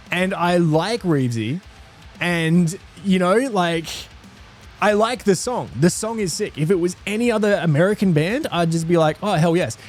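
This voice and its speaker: Give me an Australian man streaming a casual music reaction, thinking aloud in an earnest, rambling way with lots of restarts. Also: sits high. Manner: rambling, self-interrupting, earnest.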